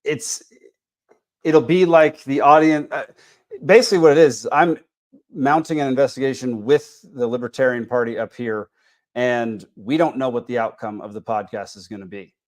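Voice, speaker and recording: A man's voice: mid-range voice, moderate pace. A man with a Texas accent hosting a casual podcast, tired and rambling with many fillers and restarts. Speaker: podcast host.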